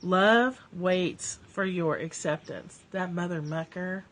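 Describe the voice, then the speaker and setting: Slow-talking woman on a home livestream. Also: fairly low pitch, slight background noise. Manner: reads passages slowly, laughs often, startled by her cats. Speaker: live-stream host. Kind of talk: casual spiritual livestream chat. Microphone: phone or webcam livestream.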